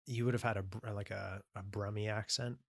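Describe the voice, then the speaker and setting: A man co-hosting a podcast, teasing and asking questions in relaxed casual chat. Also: on the low side, brisk, creaky, no echo. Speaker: podcast co-host.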